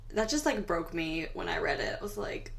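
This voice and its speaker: A woman's voice: lowish voice, big pitch swings, fairly quick, gravelly. A woman co-hosting a podcast who reacts, laughs and chimes in casually. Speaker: podcast co-host. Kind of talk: casual chat.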